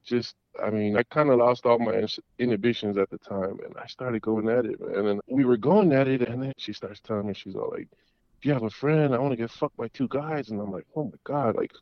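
A man's voice: mid-range voice, fairly quick, no echo. A middle-aged man, calling in, tells a long story in a rambling way, with restarts and repeated words. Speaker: caller. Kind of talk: casual storytelling. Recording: dull lo-fi audio.

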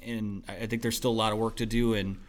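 A man talking through a post-game football analysis in a loose, thinking-aloud way with lots of fillers and restarts, his voice going hoarse. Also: on the low side, level tone, fast talker. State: losing his voice. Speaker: sports analyst.

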